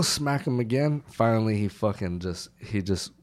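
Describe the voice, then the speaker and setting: Deep-voiced man telling a rough war story. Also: normal speed, few pauses. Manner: profane, animated retelling with shouted bursts. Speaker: guest, army veteran. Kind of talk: casual storytelling.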